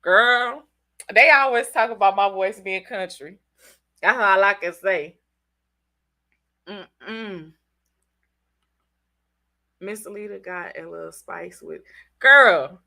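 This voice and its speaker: Congested from a cold, a woman hosting a casual livestream speaks in a mid-range voice with country-sounding speech. She's lively and talkative, speaking straight to her viewers.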